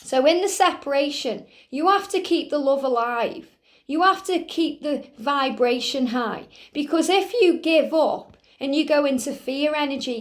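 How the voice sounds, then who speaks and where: A woman giving a spiritual reading in an earnest, reassuring way, often adding small asides to the listener. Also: sits high. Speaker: spiritual reader.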